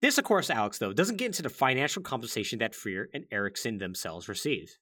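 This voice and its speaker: This podcast host has a mid-range voice with big pitch swings and a quick pace, sounding pushed and bright. His gaming-history chat is casual and chatty, peppered with "like" and wry asides.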